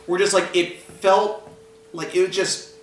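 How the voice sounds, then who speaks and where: A man reviewing a movie in casual chat, animated and quick to laugh. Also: sits high, echoey room, distant mic.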